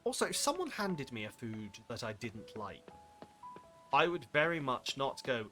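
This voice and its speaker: A man's voice: mid-range voice, big pitch swings, normal speed, pushed and bright. A young man streaming a farming game, chatting to his viewers in a rambling, self-mocking way. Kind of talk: casual live-stream chat while playing. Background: game music.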